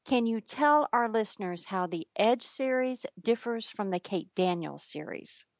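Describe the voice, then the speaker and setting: A woman interviewer asking prepared questions in a measured, complimentary way. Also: fairly high pitch, expressive, no room sound.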